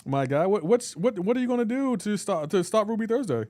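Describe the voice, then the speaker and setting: A man's voice: high voice, animated, a little fast, darkish tone, no echo. A man on a live reaction stream, teasing and bantering with his chat and laughing often. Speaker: livestreamer.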